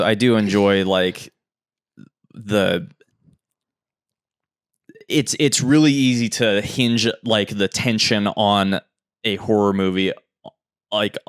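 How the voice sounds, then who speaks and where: A man's voice: on the low side, steady tone, measured pace, pauses often, clear, resonant tone. A man co-hosting a podcast in casual chat, thinking aloud in a meandering way with lots of fillers. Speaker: podcast co-host.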